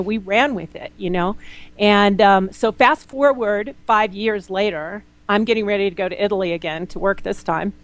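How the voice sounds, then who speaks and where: A straight-talking woman guest who tells her stories with real animation. She acts out other people's lines in a lively way and doesn't sugarcoat anything. Her voice sits at an ordinary middle pitch for a woman. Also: poor audio. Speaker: naturopath guest. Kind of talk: candid interview conversation.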